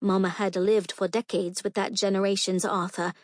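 A woman's voice: mid-range voice, level tone, moderate pace, no room sound. A woman narrating a fantasy audiobook in the first person, with an earnest, emotional storytelling manner, recorded close and dry.

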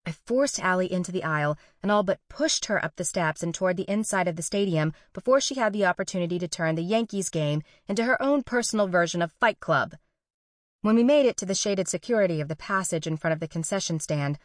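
A woman's voice: medium pitch, no room sound, studio quality. A young woman narrating a first-person story with wry, sarcastic and profane humor.

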